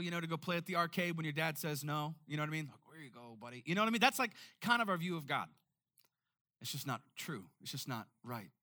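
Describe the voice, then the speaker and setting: A man preaching a sermon in an animated way, often repeating words when making a point. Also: on the high side. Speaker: pastor.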